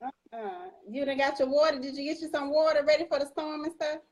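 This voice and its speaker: A woman's voice: high-pitched, fairly even intonation, a little fast, poor audio. A woman with a North Florida Southern accent hosting a playful, laughing casual chat on an online call, heavy on Southern slang. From Jacksonville, Florida (Duval County). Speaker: host.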